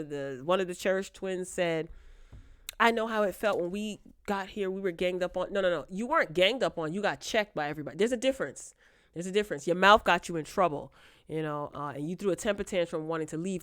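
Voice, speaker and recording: A woman's voice: mid-range voice, fairly bright tone, dry recording, studio quality. A woman talking casually and bluntly in a sassy, playfully shady review vlog about a reality show.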